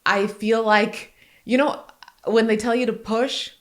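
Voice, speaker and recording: A woman in her forties hosting a podcast, talking candidly and earnestly, with quick laughs between heartfelt points. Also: on the high side, steady tone. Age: 40s. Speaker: podcast host.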